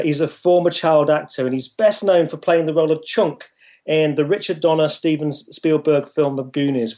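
Northern English male host, hesitant. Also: fairly high pitch. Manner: warm, hesitant, many ums, laughs easily. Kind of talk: casual interview.

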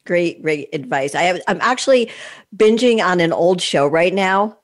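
Podcast host, woman, lower-pitched, gushing and conversational. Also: animated, moderate pace. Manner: effusive, chatty, rambling with restarts. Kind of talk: podcast interview.

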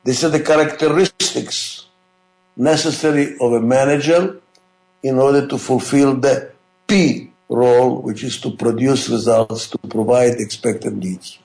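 A man's voice: medium pitch, steady tone, unhurried, vocal fry, a little mellow, echoey room, rough recording. A man giving a management lecture, emphatic and repetitive, often asking rhetorical questions. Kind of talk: classroom lecture.

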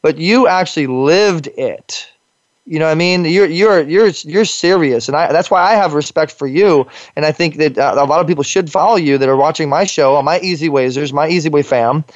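Playful thirties host, slightly high voice. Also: male voice, a little fast, no room sound. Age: 30s. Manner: playful, stammering, hype. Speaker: show host. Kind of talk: casual interview chat. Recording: dull lo-fi dry sound.

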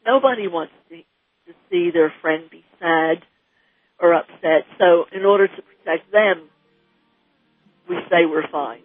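A woman in her sixties from New Jersey, a guest mother speaking earnestly and from the heart, with halting restarts, on a radio interview. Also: fairly low pitch, faint music behind. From New Jersey, USA. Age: 60s. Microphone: telephone. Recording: tinny phone line.

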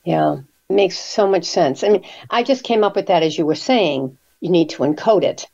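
A woman's voice: fairly low pitch, animated, normal speed, gravelly, a little mellow, highs cut off. A woman hosting an interview show, asking questions conversationally and adding her own stories. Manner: conversational, asks questions with personal anecdotes. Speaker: radio show host.

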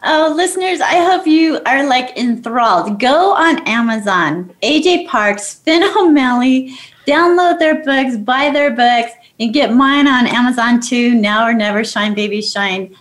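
A woman's voice: on the high side, expressive, a little slow. A woman hosting a radio talk show, gushing with praise and closing with affirmations. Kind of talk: enthusiastic chat and sign-off.

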